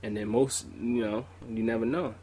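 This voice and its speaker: A man's voice: fairly low pitch, fairly even intonation, moderate pace, dark tone, husky. A young man co-hosting a casual podcast, joking loosely, swearing freely and laughing often. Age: young adult. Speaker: podcast co-host. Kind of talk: casual chat.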